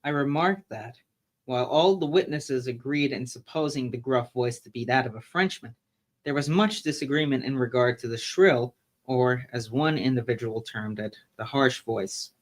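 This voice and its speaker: A man reads a classic tale aloud on a relaxed live stream. He takes the long, old-fashioned sentences at a steady, measured pace. His voice sits at an ordinary middle pitch. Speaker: co-host reading a classic story aloud.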